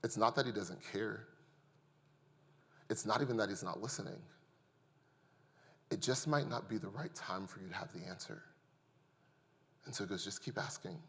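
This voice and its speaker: A pastor in his thirties preaching a sermon to his congregation, calling them "y'all" and moving from quiet reflection to loud, impassioned testimony. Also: fairly low pitch, normal speed, long pauses, long reverb tail. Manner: builds from hushed to loud and impassioned.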